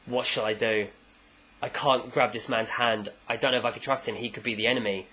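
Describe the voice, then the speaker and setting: A man's voice: mid-range voice, steady tone, brisk, sharp tone, husky, pitched below the performer's own voice. A man voicing a wary, rattled male manga artist who stammers and hesitates. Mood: nervous.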